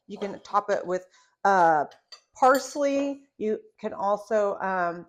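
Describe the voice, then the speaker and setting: A young adult woman hosting a casual cooking demonstration in a home kitchen, chatty and upbeat with joking asides. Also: mid-range voice. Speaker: cooking show host.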